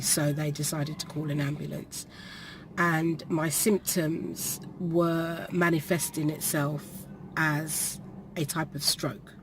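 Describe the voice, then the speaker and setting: A woman, telling a personal story to the camera in a halting way, with pauses and restarts, while perspiring. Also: deep voice, a little hiss or hum. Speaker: vlogger. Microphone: camera facing her.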